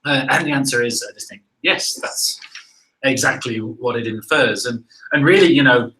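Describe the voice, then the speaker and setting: A man hosts a live science Q&A, reading viewer questions aloud and answering at length. He talks loosely, thinking aloud with fillers and tag questions. His voice is bright and forward. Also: medium pitch, normal speed, slight background noise, rough recording. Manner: conversational, thinks aloud with "uh" and "right?".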